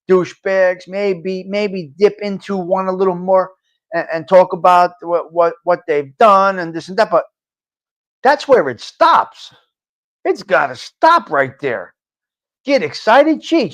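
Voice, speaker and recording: A New man holds forth on his live-stream talk show in a blunt, salty monologue. He drifts between low, muttered asides and sudden loud bursts. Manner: blunt, profane, ranting, swings from low muttering to loud outbursts. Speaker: livestream talk show host.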